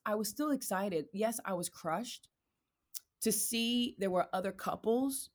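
A woman, a podcast guest giving candid, lively testimony about her faith and marriage, acting out the voices of the people in her story. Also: medium pitch, unhurried. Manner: animated storyteller, acts out quoted voices; addresses listeners as "y'all".

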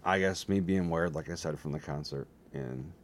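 A man talking alone to his webcam in a rambling, self-mocking way, with a slightly hoarse voice. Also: very deep voice, moderate pace, a little hiss or hum. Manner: self-mocking, jokey, drifts between topics. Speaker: solo vlogger. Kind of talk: rambling casual monologue to camera. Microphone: desk setup facing a webcam.

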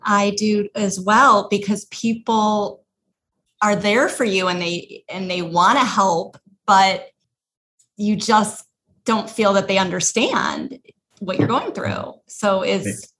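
A woman's voice: mid-range voice, expressive, slow, a bit bright. A woman hosting a podcast interview, speaking earnestly and readily agreeing with her guest. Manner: earnest and affirming, responds with agreement. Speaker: podcast host. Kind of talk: warm conversational interview.

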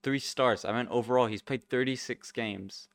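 A man co-hosting a podcast, talkative and quick to laugh, building long arguments about football. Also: medium pitch, no echo. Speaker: podcast co-host. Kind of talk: casual football chat.

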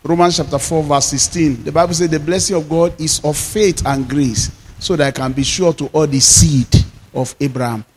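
A man's voice: on the high side, slight background noise. Man preaching in an echoing hall. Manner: preaching with emphatic slowed declarations. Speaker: pastor. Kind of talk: sermon. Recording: long reverb of a hall.

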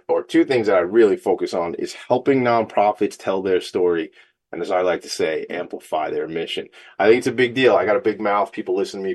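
A man's voice: on the low side, darkish tone, slightly rough. A male radio show host, talking in a fired-up, joking, self-teasing way. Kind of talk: casual energetic monologue.

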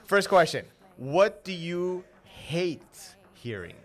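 A man's voice: high-pitched, big pitch swings, slow pace. A man whose first language is Portuguese, speaking English with a slight Portuguese accent, co-hosting a podcast in an easygoing, joking way. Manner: easygoing, joking, hesitant fillers. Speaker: podcast co-host asking questions. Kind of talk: casual chat.

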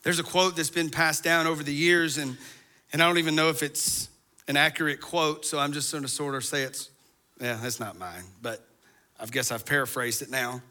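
A man's voice: a little high, fairly even intonation, normal speed, sharp tone. A man preaching a sermon, moving from conversational asides to fervent, impassioned appeals. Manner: preaching, building to impassioned crescendos. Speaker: pastor.

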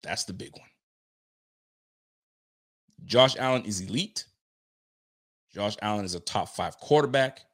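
A man hosting a casual sports talk show, speaking in an animated, slang-heavy way, answering chat comments and riffing on the roster. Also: fairly low pitch, a little slow, pauses often. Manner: animated, slangy, talks straight to listeners. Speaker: sports podcast host.

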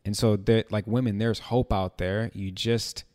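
A man talking in a casual chat, animated and joking, often laughing. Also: fairly low pitch, a little slow.

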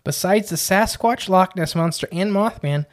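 A man's voice: high-pitched, normal speed. A man co-hosting a casual podcast, talking in a chatty, rambling way with lots of "uh" and "like". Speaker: podcast co-host.

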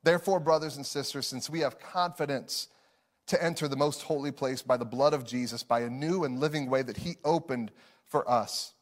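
A man's voice: mid-range voice, normal speed. A man in his thirties preaching a sermon as pastor, earnest, repeating phrases for emphasis and chuckling between lines.

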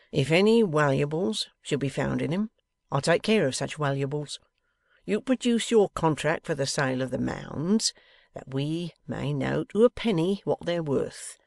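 A man doing a gravelly gloating blackmailer. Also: on the high side, no echo, studio quality, heavily acted. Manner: menacing, deliberate, turns w for v. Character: grasping one-legged scheming male blackmailer.

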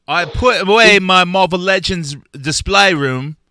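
A man's voice: high voice, a little slow, sharp tone, clean tone, dry recording. A man co-hosting a comedy podcast, making crude wisecracks and laughing a lot. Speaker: podcast co-host. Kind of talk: casual comedic chat.

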